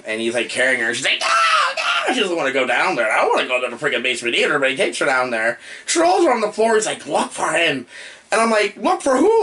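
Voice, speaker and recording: Male horror host, lively swooping pitch, jokey and rambling. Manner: rambling, excitable, jokey, yelps and outbursts. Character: male demon posing as human host. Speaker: horror movie reviewer. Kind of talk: comedic in-character movie review.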